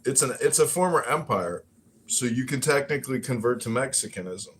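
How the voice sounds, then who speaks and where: Lively, bright-voiced male podcast host. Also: medium pitch, brisk, a little hiss or hum. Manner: crude, joking banter. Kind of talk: casual chat and reading a story aloud.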